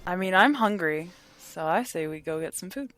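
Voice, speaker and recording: Easygoing woman player, lower pitch, matter-of-fact. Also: expressive, moderate pace. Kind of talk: casual tabletop game chat.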